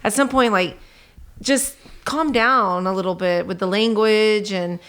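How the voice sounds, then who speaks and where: A woman speaks as a guest in a casual podcast chat, with an everyday mid-range voice. She is talkative and jumps in quickly to agree. She drops swear words in passing. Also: mid-range voice, fairly bright tone, clean tone.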